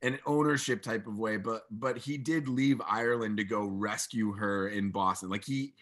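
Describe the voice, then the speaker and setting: A man co-hosting a casual film podcast, talking haltingly and searching for words. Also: on the low side, steady tone, a bit bright. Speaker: podcast co-host.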